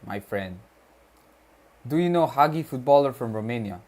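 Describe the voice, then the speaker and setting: A mid-range, animated voice with a darkish tone belongs to a young Keralite man, a native Malayalam speaker, casually chatting on a study livestream. He takes it slow and easy, reading messages from chat aloud with slang.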